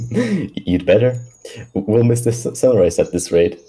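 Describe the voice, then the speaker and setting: A man's voice: medium pitch, big pitch swings, slow pace, dark tone, breathy edge, heavily acted. A man voicing a playful, mischievous feline man in a live story reading, with a teasing manner.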